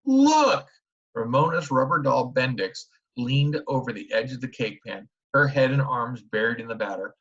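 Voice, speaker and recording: A man narrating a children's book in a steady storytelling manner. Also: medium pitch, normal speed, few pauses. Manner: steady storytelling with small restarts. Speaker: audiobook narrator. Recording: dull lo-fi recording.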